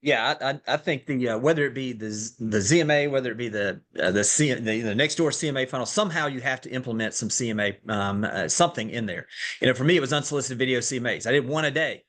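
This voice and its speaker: A man on a video call offers casual feedback to a workshop group. His voice is mid-pitched and ordinary. He thinks aloud hesitantly, padding his sentences with fillers. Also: quick pace, a bit bright. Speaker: workshop panelist.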